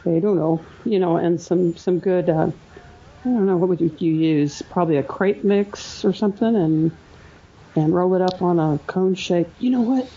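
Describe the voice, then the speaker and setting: Fast-talking Southern woman, mellow voice. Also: on the low side, slightly rough. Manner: chatty, quick, drawling vowels, laughs often. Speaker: podcast co-host. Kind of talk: casual chat. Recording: dull lo-fi audio with faint hiss.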